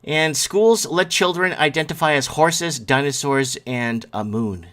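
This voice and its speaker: A man's voice: fairly high pitch, measured pace, fairly bright tone. A man hosting a casual live stream, rambling over news stories and reading chat comments, sleepy and yawning. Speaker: host.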